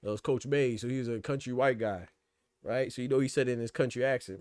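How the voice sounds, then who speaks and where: A man's voice: medium pitch, fairly quick, a little mellow, dry recording, studio quality. A man hosting a casual boxing podcast livestream, talking loosely in slang and laughing often. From Florida.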